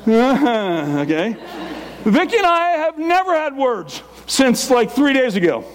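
A man in his sixties preaching a sermon, fast and emphatic, with teasing humor. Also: very high-pitched, big pitch swings, some chatter behind. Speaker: pastor.

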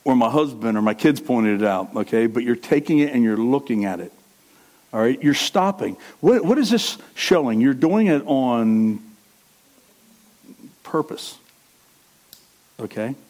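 Here a middle-aged pastor preaches conversationally, animated yet a little slow, leaving long pauses. His voice falls into low asides and then swells into loud, emphatic delivery.

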